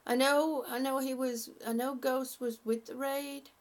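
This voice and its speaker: A woman hosting a livestream, chatting haltingly and affectionately with her viewers, often restarting her sentences. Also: high-pitched, little pitch movement. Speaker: livestream host. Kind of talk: casual livestream chat with viewers.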